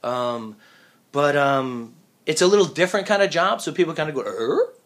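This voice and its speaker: A man talking loosely in an interview about his voice work. He tells anecdotes in an easy, mid-pitched voice and jumps into the voices of the people he quotes. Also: normal speed. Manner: animated storyteller, acts out quoted voices. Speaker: voice actor, guest. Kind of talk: casual interview chat. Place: living in Japan.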